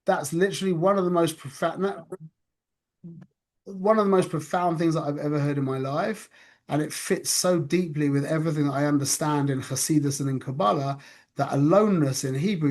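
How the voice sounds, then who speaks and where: Earnest man, somewhat high voice. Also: fairly even intonation, normal speed, darkish tone. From North London, England. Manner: earnest, repeats phrases, checks in with "yeah?". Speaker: spiritual teacher. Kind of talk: conversational spiritual talk. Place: his office.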